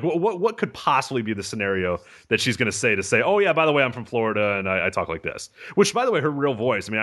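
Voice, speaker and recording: A man's voice: medium pitch, sharp tone. A man hosting a casual podcast, firing off questions and tripping over his words. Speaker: podcast host.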